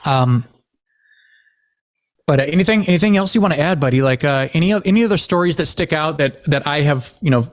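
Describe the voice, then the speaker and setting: A man's voice: a little high, fairly quick. A man from Washington State hosting a podcast in casual chat, telling stories with acted-out dialogue and lots of fillers. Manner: animated storyteller, acts out quoted dialogue, many fillers. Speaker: podcast host.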